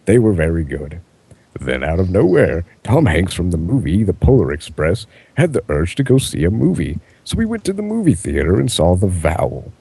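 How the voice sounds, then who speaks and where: A man reading absurd fan fiction aloud in a mostly deadpan way, often cracking up. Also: deep voice, husky, no room sound. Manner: deadpan delivery breaking into laughter. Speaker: reader.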